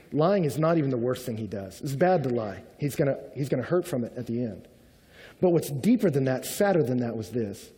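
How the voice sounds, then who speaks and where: A man preaching a sermon in a conversational, animated way, acting out the voices he quotes with humor. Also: medium pitch. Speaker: pastor. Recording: long hall reverb.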